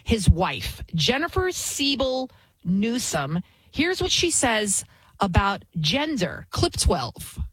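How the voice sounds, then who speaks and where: Woman, talk radio fill-in host, indignant, blunt, husky, dry studio mic. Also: medium pitch, sing-song, takes it slowly, no echo. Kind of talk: opinionated talk radio monologue.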